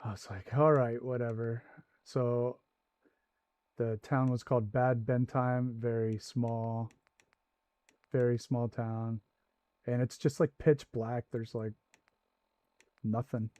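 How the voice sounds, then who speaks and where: A man's voice: mid-range voice, fairly even intonation, measured pace, long pauses, darkish tone, no echo. A man hosting a livestream, telling a long casual anecdote with asides as he plays. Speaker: livestream host. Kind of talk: casual storytelling while gaming.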